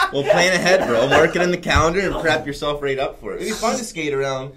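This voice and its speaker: A man's voice: fairly high pitch, fairly quick. A man in casual chat, joking, laid-back and swearing casually. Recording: audible background noise with clicks.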